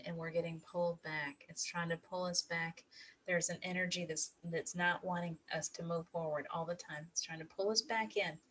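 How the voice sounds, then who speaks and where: Middle-aged woman, low-ish voice, chatty spiritual livestream host, laughs a lot, faint room hum. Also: poor audio. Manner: laughs often, warm encouraging tone. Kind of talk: casual livestream talk to viewers.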